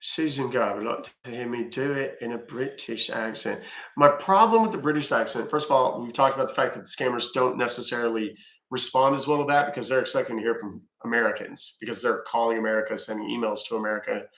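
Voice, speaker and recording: A man's voice: mid-range voice, quick pace, fairly bright tone, roomy sound. A man hosting a livestream who chats loosely and swears freely. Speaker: livestream host. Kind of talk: casual livestream chat.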